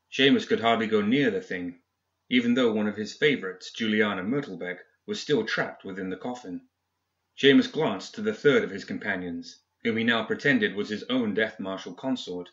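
Low-voiced man reading a dark story. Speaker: narrator. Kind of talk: scripted audiobook narration. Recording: dull lo-fi audio.

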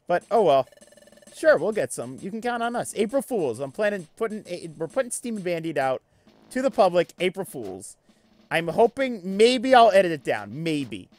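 A man's voice: fairly high pitch, dry recording. A man hosting a let's play, chatting casually and reacting to viewers while he plays. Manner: animated, chatty, reacts to chat. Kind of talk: casual gameplay commentary.

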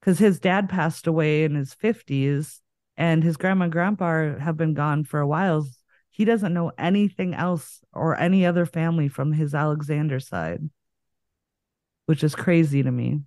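A woman's voice: sits low, normal speed, darkish tone, dry recording, studio quality. A woman from northern Minnesota with a slight Minnesota accent, hosting a podcast and telling rambling stories in casual chat. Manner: chatty, rambling storyteller who laughs often. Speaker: podcast host.

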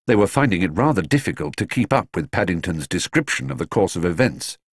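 A man narrating a children's storybook in an expressive, measured way. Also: low voice, gravelly, breathy edge, no echo. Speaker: audiobook narrator.

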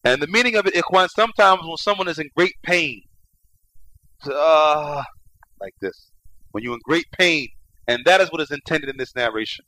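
A man giving an Islamic lecture who reads Arabic passages quickly, then explains them in English, often repeating his phrases. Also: a little high, pushed and bright, no echo, rough recording. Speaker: religious lecturer.

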